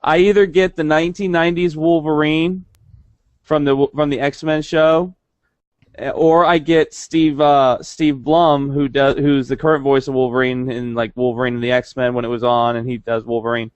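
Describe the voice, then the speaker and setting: A man's voice: fairly high pitch, little pitch movement, moderate pace, smooth, no echo. A young man co-hosting a casual podcast, rambling with many restarts. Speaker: podcast co-host. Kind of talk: casual chat.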